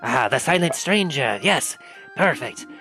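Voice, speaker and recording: A man voicing a fussy, excitable male gnome who runs a game of fighting toys, talking like a showman. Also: medium pitch, unhurried, soft background music. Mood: showy. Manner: showman, grandly thanking and welcoming.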